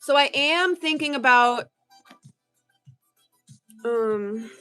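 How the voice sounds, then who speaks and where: Woman host, casual stream banter, high voice, unhurried delivery. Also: clean tone, faint music behind. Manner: chatty, reads chat aloud, yawning, excitable gasps. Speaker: livestream card-breaking host. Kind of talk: casual livestream chat.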